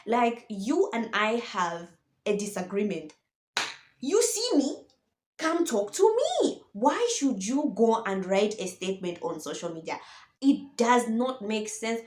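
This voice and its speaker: A woman ranting about football in a casual vlog, animated and exasperated, firing off rhetorical questions. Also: on the high side, roomy sound. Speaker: football vlogger. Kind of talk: opinionated casual monologue.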